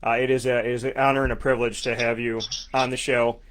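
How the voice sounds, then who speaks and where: A man's voice: medium pitch, level tone, fast talker, fairly bright tone. A man in his thirties from upstate New York hosting a morning sports talk show, upbeat and effusive, repeating words for emphasis. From Syracuse, New York. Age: 30s. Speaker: sports radio host.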